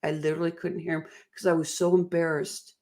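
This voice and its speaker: A woman's voice: low-pitched, level tone, a little fast, dark tone. A middle-aged woman giving an emotional, earnest motivational talk, often laughing at herself. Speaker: motivational speaker.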